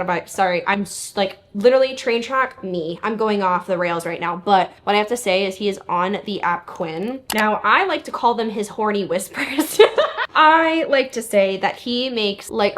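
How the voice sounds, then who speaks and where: A woman's voice: medium pitch, fairly bright tone. A young woman chatting candidly to camera while getting ready, swearing freely and rambling off topic. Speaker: lifestyle vlogger. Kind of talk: casual chat to camera. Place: indoors at home, getting ready. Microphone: studio mic near camera.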